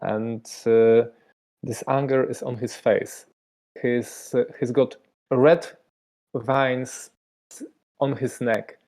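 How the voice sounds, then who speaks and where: A game master with a Polish accent, narrating a tabletop horror game in halting English full of fillers. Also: medium pitch, darkish tone.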